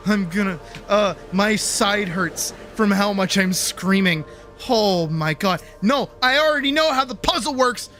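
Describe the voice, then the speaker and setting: A very high, bright voice belongs to a man streaming a game, ranting and swearing loudly at a puzzle. He moves between disbelieving complaints and yelling fits, with faint game music under his voice. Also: measured pace. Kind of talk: live gameplay commentary.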